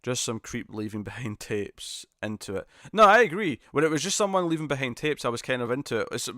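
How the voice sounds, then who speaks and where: A man's voice: mid-range voice, a bit bright, dry recording, clean studio sound. Chatty man hosting a live stream. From United Kingdom. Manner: chatty, self-deprecating, laughs often. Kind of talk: casual live chat reading viewer comments.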